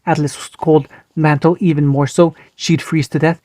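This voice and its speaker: A man reading fan fiction aloud, steady but with small slips and restarts. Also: fairly high pitch, normal speed, no room sound. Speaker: story reader.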